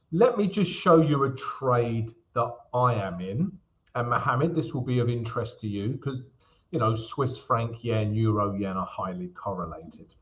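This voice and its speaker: A man's voice: mid-range voice, a bit bright, highs cut off. A man from England hosting a live stream, chatting casually with viewers and calling them guys and mate. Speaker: host. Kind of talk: live trading stream chat.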